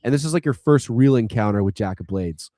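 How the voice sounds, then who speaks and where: A man's voice: mid-range voice, animated, a little fast, mellow. A man on a podcast retelling a video game story in a casual, rambling way, full of likes and restarts. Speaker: podcast co-host.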